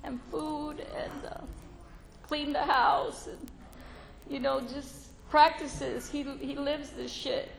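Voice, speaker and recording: A woman's voice: high voice, level tone, slow, creaky, faint music behind. A middle-aged woman giving a candid personal testimony to a meeting, frank and laughing often, swearing freely. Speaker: recovery meeting speaker. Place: meeting room with an audience. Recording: faint crowd and background noise.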